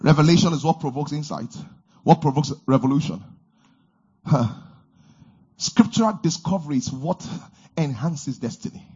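A male preacher delivering a fervent sermon, repeating lines and swinging between shouted declarations and low murmurs. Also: animated, moderate pace, pauses often, slightly rough, dull audio.

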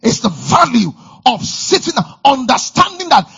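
A male preacher delivering a fervent sermon, repeating lines and swinging between shouted declarations and low murmurs. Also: huge pitch swings, moderate pace, gravelly, slightly rough.

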